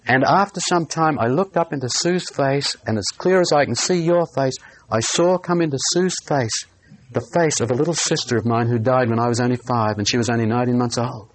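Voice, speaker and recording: A man preaching a sermon, telling a personal story in an earnest way and slowing down on key phrases. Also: mid-range voice.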